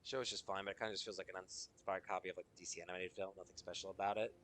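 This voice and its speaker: Man, game streamer, tired, yawning, rambling and profane, lowish pitch, bright edgy tone. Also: little pitch movement, rapid-fire, slight background noise. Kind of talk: casual gaming stream chat.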